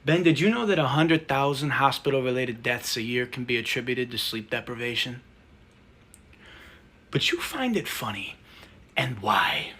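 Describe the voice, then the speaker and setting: A man giving a mock-serious comedic lecture, intense and deadpan, dropping to whispers and rising to loud outbursts. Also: medium pitch, moderate pace. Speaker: comedy sketch creator.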